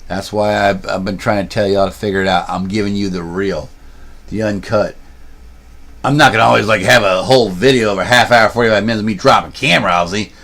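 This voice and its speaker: A man's voice: fairly low pitch, fast, a bit bright. A man streaming and vlogging, talking casually and telling a long story with restarts and asides, filmed on a handheld camera. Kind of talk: casual rambling livestream talk.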